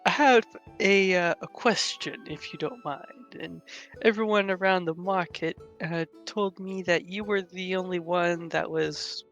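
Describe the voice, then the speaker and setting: A courteous adventurer speaks slowly and formally with a bright, forward tone, as a player voices him. He is polite and careful with his words. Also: medium pitch, muffled recording, soft background music. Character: polite male adventurer with a blunderbuss.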